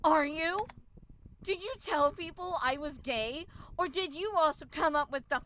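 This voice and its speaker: A woman voicing a betrayed teenage boy in a game, furious and foul-mouthed, hurling accusations in a high, bright voice. He talks slowly and leans on every word. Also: dull audio. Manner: swearing, yelling accusations.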